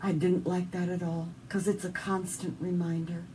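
A woman's voice: on the low side, flat delivery, normal speed, dark tone. A woman with a Southern US accent, a guest in an interview, telling an emotional personal story in an earnest, heartfelt way. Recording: distant mic with faint background noise.

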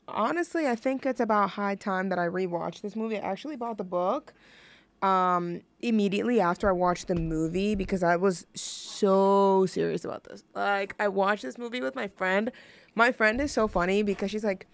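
A woman's voice: mid-range voice, dry recording. A young woman hosting a college radio show, chatting casually and rambling with lots of fillers. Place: radio studio.

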